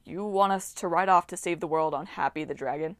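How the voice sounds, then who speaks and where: A woman reading a composed boy leader, quiet and even, dry close recording. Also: lowish voice, a little fast, dry recording, pitched below the performer's own voice, lightly acted. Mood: dryly amused. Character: calm, steady teenage boy leader.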